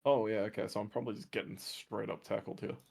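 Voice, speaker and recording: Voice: medium pitch, level tone, fast talker, vocal fry, darkish tone. A player chatting and joking during a tabletop role-playing game. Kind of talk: casual tabletop game chat.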